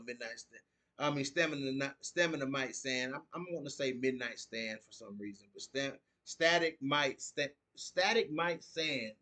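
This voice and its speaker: A man's voice: on the high side, a bit bright. Laid-back man hosting a live stream. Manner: laid-back, reads viewer comments aloud and riffs on them. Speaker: podcast host. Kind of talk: casual live stream chat.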